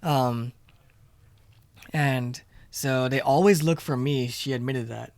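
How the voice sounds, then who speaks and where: Guy rambling through a work story on a podcast, mid-pitch voice, dead dry sound. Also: slow pace, darkish tone, no room sound. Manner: rambling storyteller, retells scenes with quoted dialogue. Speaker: podcast co-host. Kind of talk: casual chat.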